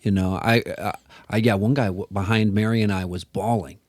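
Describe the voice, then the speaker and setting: A man's voice: on the low side, fairly even intonation, brisk, no echo, clean studio sound. A man co-hosting a podcast interview, talking casually and affirmingly, with many fillers. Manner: warm, affirming, filler-heavy. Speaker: podcast co-host.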